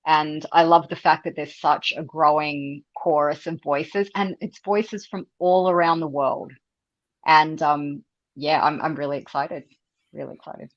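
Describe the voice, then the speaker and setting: Low-voiced Australian woman, animated. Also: unhurried, dry recording, lo-fi sound. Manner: animated, laughs often, repeats words when thinking. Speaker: interview guest. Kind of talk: casual interview conversation.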